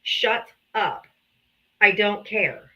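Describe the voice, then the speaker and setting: Combative, bright-voiced woman stream host. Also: mid-range voice, expressive, extremely slow, dull audio. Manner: combative, profane, sarcastic. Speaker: live-stream debate host. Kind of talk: heated political debate on a live stream.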